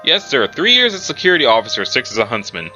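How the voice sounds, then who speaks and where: A man's voice: medium pitch, wildly swooping pitch, fast, pushed and bright, heavily acted. A man voicing a male agent in his thirties who gives short, respectful answers. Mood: dutiful. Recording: muffled recording with background music.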